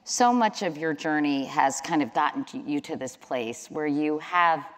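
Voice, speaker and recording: Low-voiced woman interviewer, hall echo. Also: animated, moderate pace. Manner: conversational, wry asides. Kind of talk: onstage interview. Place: large hall with audience. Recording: long hall reverb.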